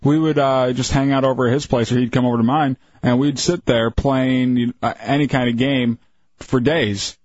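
A man's voice: mid-range voice, steady tone, normal speed, darkish tone, no room sound. Laid-back man in radio chat. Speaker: radio show co-host. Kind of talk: casual radio banter. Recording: dull lo-fi radio recording.

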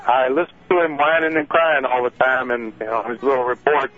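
A gruff man calls in to mock someone on air. His voice is thin and phone-like, with faint music behind. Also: mid-range voice, fairly even intonation, brisk. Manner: gruff, mocking. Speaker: caller. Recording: phone-line radio call with faint music.

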